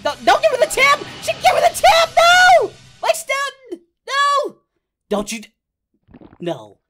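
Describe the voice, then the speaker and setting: A woman voicing a brash, excitable adult male martial artist hero, giving in-character reaction commentary and yelping at the screen. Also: medium pitch, moderate pace, soft background music, natural voice. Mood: excited. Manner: excitable, yelps and shouts at the screen. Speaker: reaction video host.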